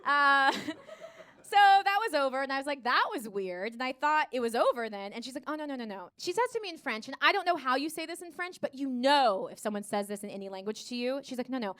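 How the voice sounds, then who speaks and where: An American woman performing a live stand-up routine, telling a story with lively acted-out voices and laughing along with her own jokes. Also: sits high, fairly quick, smooth. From United States. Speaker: stand-up comedian. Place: comedy stage in front of a live audience.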